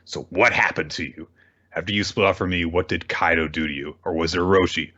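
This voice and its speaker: A man putting on the voice of a brutish pirate captain, reading his lines in a lower, demanding voice while recapping a comic. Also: steady tone, a little fast, slightly rough, highs cut off, exaggerated voice. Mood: pleading. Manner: demanding, shouting questions. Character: grumbling brutish pirate captain, grieving and furious.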